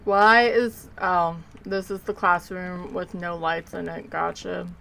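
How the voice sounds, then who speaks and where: A woman's voice: fairly low pitch, steady tone, slow, vocal fry, a bit bright, slight background noise, low-quality recording. A woman streamer talking casually to her viewers while she plays, rambling and sleepy, yawning between remarks. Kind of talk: casual live gameplay commentary.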